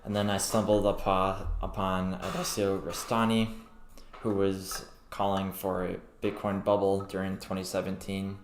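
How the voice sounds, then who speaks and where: This young crypto trading livestream host has a deep, monotone voice at a moderate pace. He chats loosely and rambles, with plenty of fillers and restarts, from an echoey room with faint background noise.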